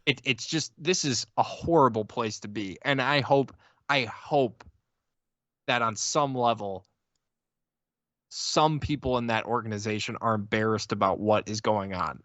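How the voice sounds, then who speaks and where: A man's voice: medium pitch, a little slow, a bit bright, no room sound, dull audio. A man co-hosting a casual sports podcast, talking in exasperated rants full of stammering restarts. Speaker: podcast co-host.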